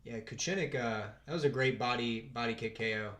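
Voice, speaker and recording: A man hosting a casual live fight stream, chatting with his viewers, thinking out loud and laughing often. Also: medium pitch, fairly quick.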